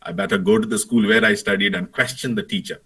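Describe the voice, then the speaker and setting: A man voicing an indignant middle-aged father who rushes through his complaints in an anecdote. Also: lowish voice, steady tone, bright, forceful tone, husky, recorded from a distance, poor audio.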